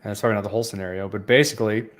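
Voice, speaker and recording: A man's voice: fairly low pitch, fairly even intonation, racing. A man co-hosting a podcast in casual chat, earnestly explaining at length. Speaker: podcast co-host.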